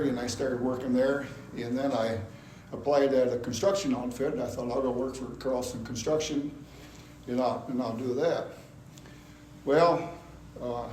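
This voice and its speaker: A man's voice: mid-range voice, a little mellow. A man from Iowa giving a personal testimony in a church hall, telling his story in a folksy way and acting out the voices of people he quotes. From Iowa, USA. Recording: roomy hall with faint hum.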